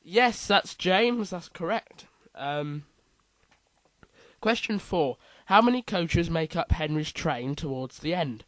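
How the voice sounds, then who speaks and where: A man's voice: fairly high pitch, expressive, takes it slowly, fairly bright tone, dry recording, poor audio. Man reading quiz questions aloud. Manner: reads multiple-choice options, playful asides. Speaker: quiz host.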